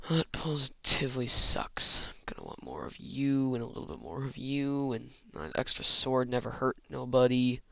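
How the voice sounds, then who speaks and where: A man's voice: medium pitch, lively intonation, moderate pace, gravelly, few pauses, no room sound. A man giving rambling, self-mocking commentary while playing a game, muttering asides to himself. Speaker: Minecraft let's player. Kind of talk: casual gameplay commentary.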